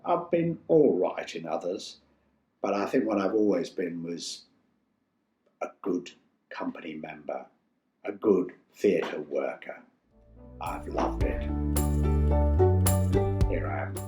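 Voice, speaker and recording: An older man from Yorkshire, a stage actor telling stories in an interview with a theatrical, animated manner. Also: low-pitched, slow, long pauses. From Yorkshire, England. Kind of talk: casual interview storytelling. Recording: roomy echo, faint music.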